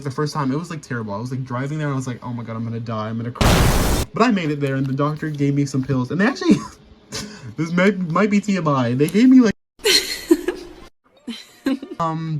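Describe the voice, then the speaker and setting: A man's voice: medium pitch, slight background noise. A young man rambling casually through a sketchbook tour voice-over, full of fillers and restarts. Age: young adult. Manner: rambling, filler-heavy, chatty. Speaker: vlogger.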